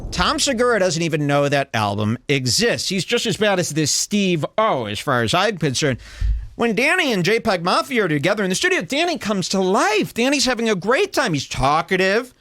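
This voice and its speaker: Sarcastic ranting man, dry and lively. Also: high-pitched, moderate pace, dry recording. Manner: sarcastic, ranting, animated voice impressions. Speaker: commentary host. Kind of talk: mocking video commentary.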